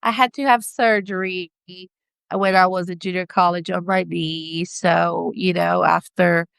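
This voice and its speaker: Smooth-voiced woman with an accent. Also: lowish voice, steady tone, unhurried, a bit bright, no room sound. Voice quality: non-native English accent. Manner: laughs often, searches for words. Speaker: podcast guest. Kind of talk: casual interview chat.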